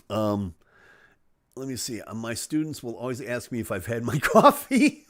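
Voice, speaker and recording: Man hosting a live stream: jokey, animated, with a dry, close sound. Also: mid-range voice, no echo. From Chicago. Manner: animated, jokey, acts out voices. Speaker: host of a live show. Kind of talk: casual live-stream chat.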